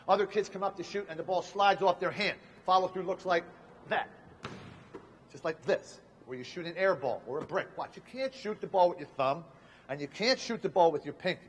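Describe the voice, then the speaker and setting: Man, basketball coach, emphatic short commands, high voice, long gym reverb. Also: expressive, brisk, slight background noise. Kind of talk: instructional demonstration. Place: indoor basketball court.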